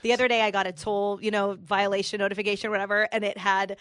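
A woman's voice: medium pitch, level tone, quick pace, fairly bright tone, dry recording. A woman guest in a radio studio, chatting in a bubbly, playful way and laughing often. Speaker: guest, podcast host. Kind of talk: casual chat.

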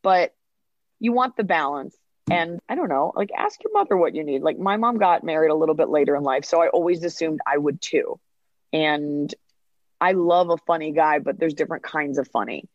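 A woman comedian talks as a podcast guest, telling animated stories and slipping into bits of acted-out dialogue. Her voice sounds dry and close. The recording is slightly dull and lo-fi. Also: low voice, normal speed, dry recording. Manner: animated storytelling, acts out dialogue. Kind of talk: podcast interview.

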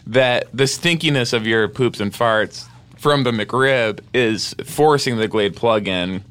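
A man's voice: medium pitch, takes it slowly, fairly bright tone, clean tone. A man co-hosting a podcast, chiming in with playful, wry remarks. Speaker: podcast co-host. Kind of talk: casual podcast chat.

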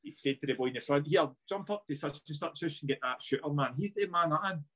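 A man in his thirties with a Scottish accent, a former footballer chatting as a podcast guest, telling stories in an animated way, swearing and acting out what people said. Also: a little high, fast talker. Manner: animated, laughing, swearing, acts out dialogue. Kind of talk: casual chat, storytelling.

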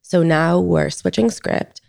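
Gushing about her son, a podcast co-host in her thirties chats casually, peppering her speech with "like." She has a fairly low, gravelly, slightly mellow voice and talks slowly, recorded cleanly in a studio with no echo.

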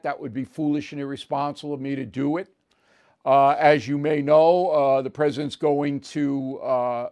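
A man with a slightly high voice hosts his own show in a steady opinion monologue. He is blunt and emphatic, and he drives each point home with "okay?" and "all right?". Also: clean tone. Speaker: political commentator hosting his own show.

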